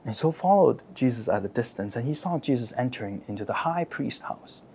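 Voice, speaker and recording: A man preaching, retelling a story dramatically, repeating phrases and asking listeners to imagine the scene, swinging from loud outbursts to near-whispers. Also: medium pitch, animated, a little fast, vocal fry, slight background noise. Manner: repeats words and phrases for emphasis; asks listeners to imagine, rhetorical questions. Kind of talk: sermon storytelling.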